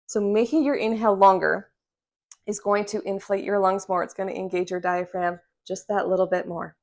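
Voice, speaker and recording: At home in front of her phone camera under a ring light, a respiratory therapist shares breathing tips in a casual direct-to-camera vlog, speaking frankly and reassuringly while often checking in with "okay?" and "right?". Her medium-pitched voice has little pitch movement, a normal speed, and a slightly mellow quality.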